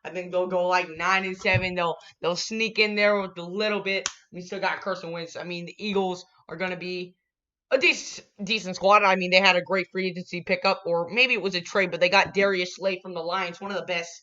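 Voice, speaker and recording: Young male sports vlogger, bright tense voice, hyped, bursts into shouts, dull lo-fi recording. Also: high-pitched, fairly even intonation, fairly quick. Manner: hyped, swings from muttering to shouting. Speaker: sports channel host. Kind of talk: casual sports prediction vlog.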